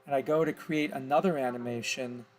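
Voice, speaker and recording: A man's voice: mid-range voice, fairly even intonation, fairly quick, faint music behind. A man explaining his steps in an easygoing, think-aloud tutorial, correcting himself as he goes. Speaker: animation tutor. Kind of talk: casual screen-recorded tutorial.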